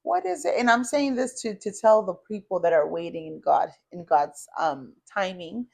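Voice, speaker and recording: A woman co-hosting a faith podcast who listens with steady affirmations and speaks earnestly when it is her turn. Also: on the low side, moderate pace, creaky. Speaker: podcast co-host. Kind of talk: candid faith-based conversation.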